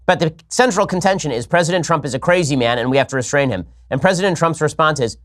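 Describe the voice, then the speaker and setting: A man hosting a political commentary show, talking in a rapid, sarcastic, argumentative way. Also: fairly high pitch. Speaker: host.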